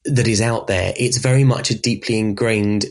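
A man's voice: fairly low pitch, normal speed. A man with a Southern English Berkshire accent, speaking expressively as a podcast guest and voice specialist in a conversational interview. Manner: expressive, demonstrates speech sounds, light laughs.

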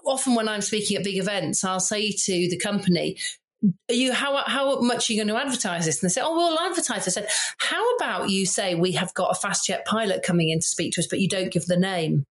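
A woman in her forties, a former military pilot hosting a podcast interview, who tells lively stories and acts out the voices she quotes. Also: medium pitch, brisk. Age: 40s.

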